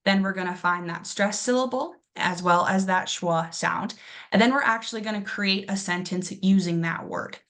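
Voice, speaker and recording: A woman's voice: mid-range voice, normal speed, a bit bright. A young woman teaching a classroom pronunciation lesson, encouraging her students and exaggerating syllables to demonstrate them.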